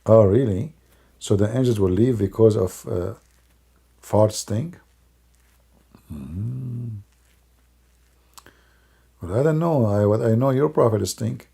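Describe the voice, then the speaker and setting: Gravelly, husky man mocking sarcastically. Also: on the low side, slow pace, long pauses, warm tone. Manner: mocking, sarcastic, non-native English grammar. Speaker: online religious commentator. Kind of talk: live-stream commentary.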